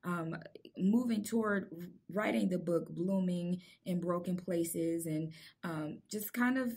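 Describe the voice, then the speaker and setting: A woman's voice: lowish voice, takes it slowly. A woman from the Midwest with a Midwestern accent, hosting a casual interview with lots of laughter. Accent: Midwestern American. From American Midwest. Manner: warm, giggly, enthusiastic. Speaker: podcast host.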